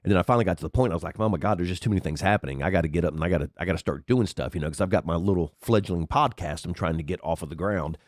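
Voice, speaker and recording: Rapid-fire and with hardly any pauses, a podcast host with a cold, his voice unusually deep and congested, sniffles through a casual, rambling monologue, cursing freely into a headset mic. The recording is dry and studio quality.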